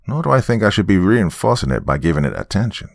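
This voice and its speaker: A man's voice: lowish voice, big pitch swings, fast, creaky, no echo, clean studio sound, pitched above the performer's own voice, exaggerated voice. A man voicing a dismissive middle-aged father who scoffs and stammers defensively. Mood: scoffing.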